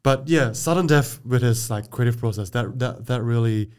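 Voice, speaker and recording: Relaxed young-sounding podcast host, man. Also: mid-range voice, normal speed, clean tone. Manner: relaxed, filler-heavy, agreeable. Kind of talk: casual podcast interview.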